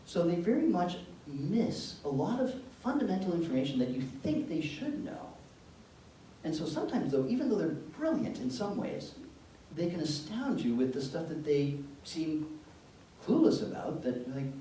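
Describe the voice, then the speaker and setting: A man giving an educational talk to parents, telling anecdotes in an animated, joking way. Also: on the high side. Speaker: presenter speaking to parents. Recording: echoey room from far off, faint background noise.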